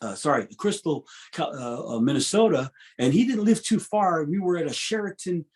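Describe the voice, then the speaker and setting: A man's voice: fairly high pitch, moderate pace. A man in his fifties, a guest musician, telling stories in an interview with frequent restarts and laughs. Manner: animated, restarts often, laughs between stories. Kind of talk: interview storytelling.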